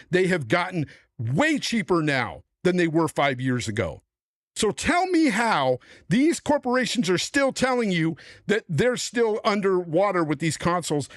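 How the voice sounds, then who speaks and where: A man's voice: fairly high pitch, dry recording, studio quality. A middle-aged man hosting a podcast panel, on a heated, profane rant about the industry. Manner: angry, profane, emphatic ranting. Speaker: podcast host.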